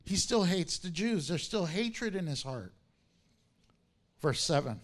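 Animated, high-voiced male preacher. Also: slow pace. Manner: animated, laughing, acting out the characters. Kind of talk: sermon.

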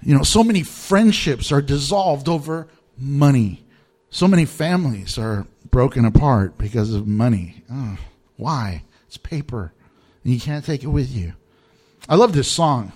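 A man preaching a sermon in an animated, emphatic way, chuckling often. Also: medium pitch, moderate pace. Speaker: pastor.

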